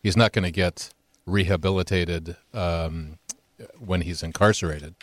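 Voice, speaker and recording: A man's voice: low voice, fairly even intonation, measured pace, no echo. A man on a radio talk show giving opinionated, hesitant commentary.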